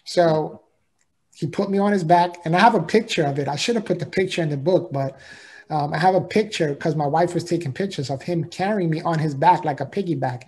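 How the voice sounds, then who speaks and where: A man's voice: on the high side, fairly quick, darkish tone, slightly rough. A man, a podcast guest, telling an emotional personal story in an earnest, heartfelt way, often repeating himself and asking "right?".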